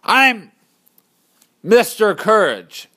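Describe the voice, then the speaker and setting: A man's voice: very high-pitched, measured pace, fairly bright tone, smooth, pitched above the performer's own voice. A man voicing a frightened but brave young male knight hero in a spoken story, declaring himself earnestly and steadily. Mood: bold.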